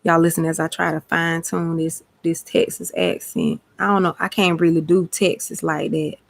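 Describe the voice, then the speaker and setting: A woman's voice: deep voice, normal speed, gravelly. Chatty woman with a Georgia accent. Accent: Georgia, US South. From Atlanta, USA. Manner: chatty, lively, slangy, exclamatory. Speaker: host. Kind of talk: casual live-stream chat.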